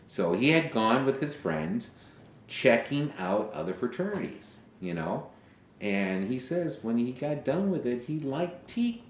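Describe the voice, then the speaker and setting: A man, a fraternity alumnus and father, telling a story in an interview with halting fillers, growing animated as he retells conversations. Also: mid-range voice, roomy sound, a little hiss or hum.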